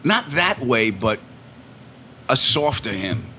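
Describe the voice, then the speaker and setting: A man tells stories in a casual chat and acts out the people in them. His voice is bright and forceful. There is a faint hiss of room noise under the talk. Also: mid-range voice, slow pace. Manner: animated storyteller, acts out family voices. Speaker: comedian guest.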